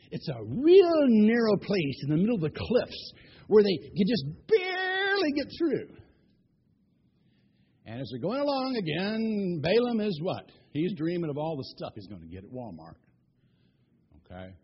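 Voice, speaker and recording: A man telling a Bible story in an animated way, asking his listeners questions. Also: high-pitched, husky, muffled recording.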